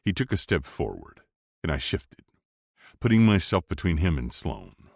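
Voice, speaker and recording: A man narrating a first-person romance audiobook in a low, steady, intense delivery. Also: normal speed, vocal fry, breathy edge, dry recording, studio quality.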